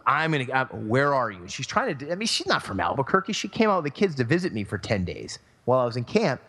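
Animated male storyteller in a reverberant room. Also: medium pitch, fast talker, breathy edge. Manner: animated storyteller acting out quoted voices. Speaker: podcast co-host. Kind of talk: casual storytelling. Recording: long hall reverb.

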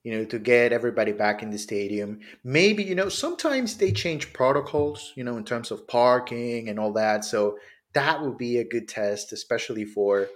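Measured male podcast co-host from Honduras. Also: mid-range voice, expressive. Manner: measured, thoughtful, lots of "you know". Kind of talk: casual chat.

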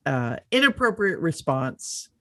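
A woman's voice: low-pitched, sing-song, measured pace, no echo. Thoughtful woman with a dry sound. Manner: thoughtful, explains at length, plays out quotes. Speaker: podcast co-host. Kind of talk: casual chat.

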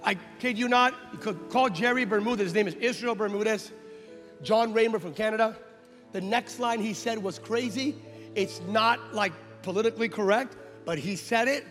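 A man preaching a sermon, telling a story with acted-out dialogue and building into shouted passages. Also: high-pitched, moderate pace. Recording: long hall reverb with faint music.

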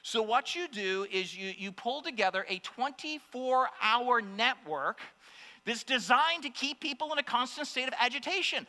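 A man delivers an impassioned sermon in a notably high, bright voice. He swings between raised exclamations and quiet asides. The sound carries a long hall reverb over a faint mains hum. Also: big pitch swings, moderate pace. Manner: impassioned preaching, rising to exclamations and dropping to hushed asides. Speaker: pastor.

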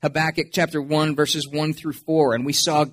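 A man preaching a sermon to his church as pastor, earnest and expressive. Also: fairly high pitch, moderate pace. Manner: earnest, expressive preaching with dramatic quoted voices.

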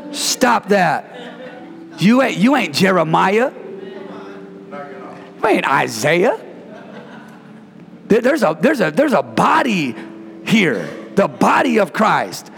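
A man preaching an energetic sermon as pastor, playful and call-and-response, bursting into shouts. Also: high-pitched, slow, gravelly, long pauses, soft background music. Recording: reverberant hall.

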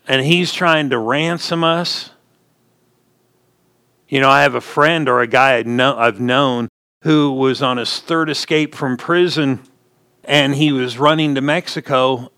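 Male pastor, mid-pitched, folksy sermon storyteller with emphatic swells. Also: fairly bright tone, smooth. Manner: folksy storytelling preacher, rising emphatic punches.

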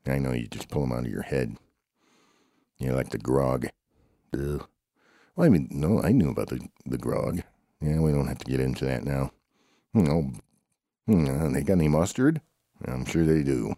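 A man's voice: a bass voice, mellow, dry recording, studio quality. A man improvising a playful, rambling comic story with banter between characters. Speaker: home show storyteller.

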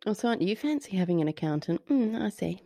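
A woman co-hosting a podcast, chatting about a true-crime story in an animated, joking way, often laughing and sometimes swearing. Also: medium pitch, fast talker, vocal fry. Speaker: podcast co-host. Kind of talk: casual true-crime chat.

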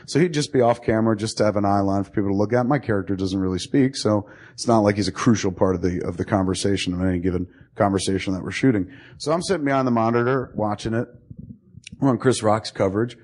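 A man's voice: on the low side, fast talker, darkish tone. A man in his forties hosting a podcast, telling long, profane stories and laughing as he goes. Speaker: podcast host. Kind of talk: casual storytelling.

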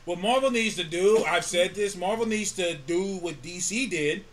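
A man from the United States hosting a casual chat, loud and joking, laughing often and swearing freely. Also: sits high, moderate pace. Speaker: host.

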